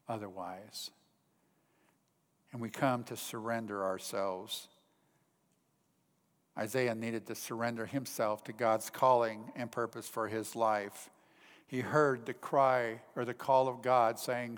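A man's voice: mid-range voice, unhurried. Earnest male preacher in a reverberant hall. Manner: earnest, rises in emphasis then drops to hushed tones. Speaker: pastor. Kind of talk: sermon.

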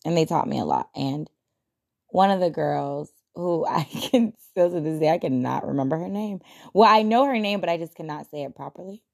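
Low, gravelly-voiced woman musing aloud. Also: normal speed. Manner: chatty, laughs often, self-deprecating. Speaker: podcast host. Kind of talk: casual reflective monologue.

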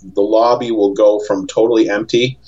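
A man, a podcast guest, telling stories in a rambling, animated chat and acting out the voices of people he quotes. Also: fairly low pitch, moderate pace, dull audio. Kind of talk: casual storytelling chat.

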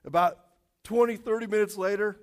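A man preaches to his church, slipping into a loose, animated story full of "you know" and "I mean". His voice sits a little high for a man. He moves from the tale into plain sermon teaching. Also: a little fast. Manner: animated storytelling with many fillers. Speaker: pastor. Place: church auditorium.

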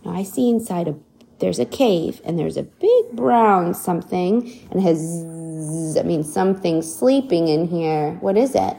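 A woman reading a picture book aloud to a child, pausing to ask questions about the pictures. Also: fairly low pitch, vocal fry. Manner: animated, asks the child questions. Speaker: reader to a child.

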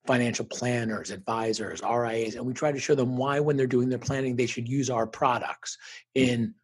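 A middle-aged man with a very husky, breathy voice and a steady pitch. He talks earnestly and reflectively as an interview guest, and he livens up when he quotes the people in his stories. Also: normal speed. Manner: earnest, reflective, animated when quoting others. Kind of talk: conversational interview storytelling.

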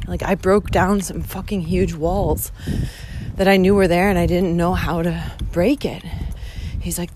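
A woman's voice: on the low side, unhurried, darkish tone, slight background noise. A young woman in a casual walking vlog, talking candidly and emotionally, swearing often, recorded outdoors on a phone. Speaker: vlogger. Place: outdoors walking to a train station.

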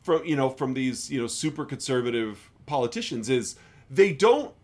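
A man's voice: mid-range voice, very animated, moderate pace. A man co-hosting a movie podcast, chatting casually in a rambling way and laughing often. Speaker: podcast co-host.

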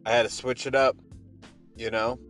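A man's voice: mid-range voice, flat delivery, normal speed, a bit bright. A man hosting his morning podcast, talking casually in an upbeat, rambling, motivational way over faint music. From Pacific Northwest. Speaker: podcast host.

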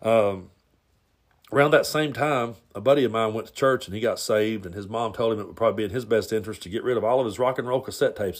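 Laid-back man rambling through a story. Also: on the low side. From Tennessee. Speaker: podcast host. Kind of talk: casual storytelling monologue. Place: home, near the garage.

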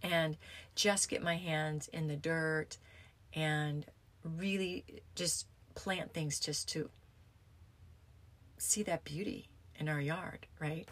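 Woman, yoga teacher, rambling casual talk, breathy tone, lowish voice. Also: steady tone, takes it slowly, fairly bright tone. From United States. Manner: chatty, rambling with many restarts and fillers.

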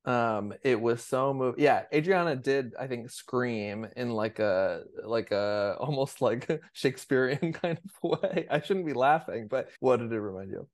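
A man as a podcast guest chatting casually, enthusiastic and quick to laugh. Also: mid-range voice, no room sound. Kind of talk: casual chat.

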